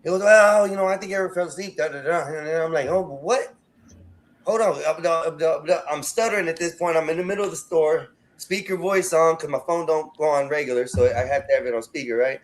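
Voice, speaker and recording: A man's voice: fairly high pitch, a little fast. A man hosting a podcast, telling a rambling story in casual chat, stammering and repeating himself as he goes. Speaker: podcast host.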